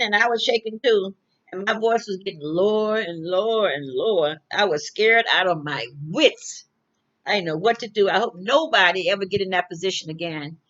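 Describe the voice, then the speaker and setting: A woman's voice: mid-range voice, fairly bright tone. Older woman rambling through a personal story. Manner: rambling, repeats phrases, restarts often. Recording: dull lo-fi recording.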